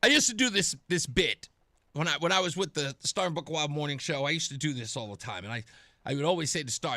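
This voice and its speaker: A man's voice: a little high, sing-song, fairly quick, sharp tone, no room sound. A young man hosting a talk radio show, delivering an emphatic, sarcastic opinion monologue into a studio microphone. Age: young adult.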